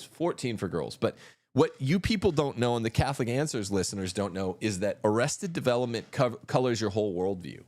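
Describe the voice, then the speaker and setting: A man's voice: mid-range voice, a little mellow. A man hosting a livestream, arguing in a combative, mocking way. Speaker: host. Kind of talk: livestream commentary.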